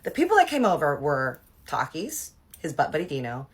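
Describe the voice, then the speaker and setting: Young woman with a really deep voice, spilling a juicy story, swears a lot. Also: moderate pace, slightly rough. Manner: animated, gossipy and profane. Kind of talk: casual storytime.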